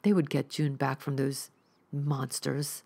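A woman hosting a ghost story podcast, reading a horror tale in a measured, steady way. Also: a bass voice, creaky, breathy edge. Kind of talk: scripted horror narration.

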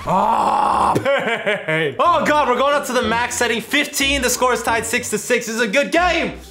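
A young man commentating his own gameplay, loud and excitable, yelping and joking as he gets shocked. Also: extremely high pitch, unhurried, soft background music. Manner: loud, excitable, yelps and jokes under shocks. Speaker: gaming YouTuber.

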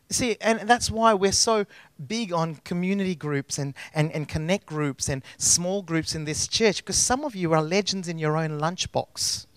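A middle-aged man preaching with a high, forceful voice. He talks in an emphatic, conversational way and hammers home repeated phrases. The sound is dry and close. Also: dry recording. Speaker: pastor. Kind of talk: sermon.

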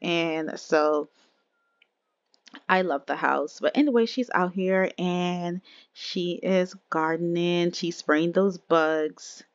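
Chatty lady doing a sims let's play, lowish voice, bit muffled and dry. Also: slow, no room sound. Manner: chatty, addresses viewers as y'all. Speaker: game streamer. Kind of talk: casual let's-play commentary.

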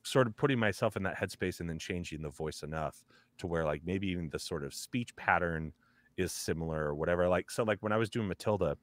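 A man's voice: low voice, brisk, no echo. A man who works as a voice actor, talking casually as a podcast guest, rambling with lots of fillers and breaking into character voices.

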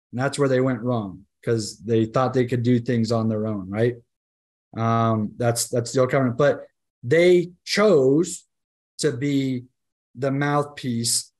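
A man's voice: medium pitch, darkish tone. A man teaching a Bible study class in a conversational, emphatic way, often asking the group "right?" and restarting his sentences.

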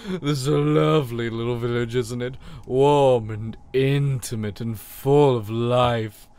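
A man voicing an old female bug charm seller, reading her lines in a slow, drawn-out, syrupy and welcoming way. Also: medium pitch, steady tone, darkish tone, smooth, natural voice. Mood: syrupy welcome. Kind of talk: reading game dialogue in a voice.

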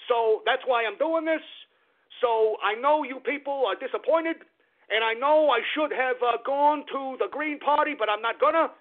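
A man putting on a boastful old politician who taunts and leers at his followers in a high, pinched voice. It comes through a tinny, phone-like radio line. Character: gloating old male politician, leering and taunting.

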